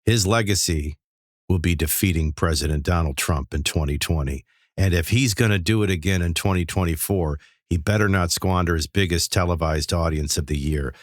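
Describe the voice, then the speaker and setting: A man who hosts a radio talk show, chatting about politics in an emphatic, incredulous, rapid-fire way. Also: low voice, no room sound, clean studio sound.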